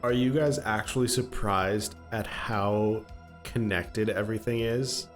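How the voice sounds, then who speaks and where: A fairly low-pitched man talks casually as the game master of a tabletop campaign. He hesitates a lot and fills pauses with "um" and "like", and faint music plays underneath. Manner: hesitant, full of "um" and "like".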